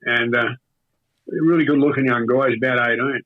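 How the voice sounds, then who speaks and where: An older Australian man with a husky voice tells a long story in a rambling, halting way, circling back with fillers and false starts. His pitch sits in an ordinary middle range. The recording is tinny and narrow, like a phone line. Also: fairly even intonation. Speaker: interview guest. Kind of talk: casual storytelling.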